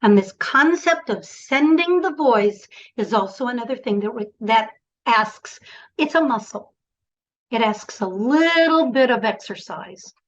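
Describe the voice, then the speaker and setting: A woman's voice: on the high side, animated, a little slow, muffled recording. A woman coaching presenters in an online workshop, encouraging and directive, speaking over a video call.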